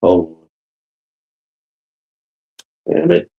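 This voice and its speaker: Slow-talking blunt man venting. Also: narrow, tinny audio. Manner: rambling, repeats himself. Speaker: podcast host. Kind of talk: casual solo monologue.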